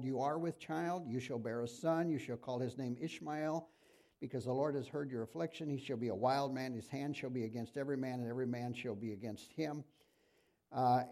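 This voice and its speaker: A man's voice: medium pitch, warm tone. A middle-aged man preaching a sermon in a conversational way, asking his congregation questions.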